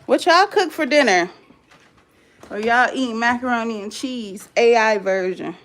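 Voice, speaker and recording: A woman's voice: on the high side, expressive, normal speed, fairly bright tone, low-quality recording. A woman hosting a casual live cooking stream from her home kitchen, chatting with viewers and reading their comments aloud. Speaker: cooking livestream host.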